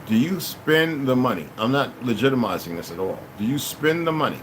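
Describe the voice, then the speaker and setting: A man of middle pitch reads a passage aloud to his audience, often stopping to talk to them directly. He trips over unfamiliar words and starts sentences over. A faint background hum sits under his voice. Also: lively intonation, fairly quick, rough recording. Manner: stumbles over hard words and restarts, addresses listeners directly. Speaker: channel host. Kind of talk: reading a text aloud with off-the-cuff asides.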